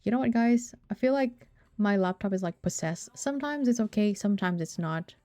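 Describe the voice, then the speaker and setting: A woman's voice: medium pitch, expressive, a little fast, mellow, no room sound, clean studio sound. Playful young woman streaming games. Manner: playful, hums nonsense and meows between chatter. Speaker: game streamer. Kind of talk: casual stream chat.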